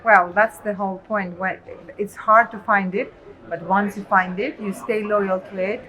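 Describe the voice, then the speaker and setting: A woman's voice: medium pitch, steady tone, normal speed, sharp tone, low-quality recording. A woman hosting an interview, speaking in an earnest, encouraging way. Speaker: interview host. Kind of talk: interview conversation.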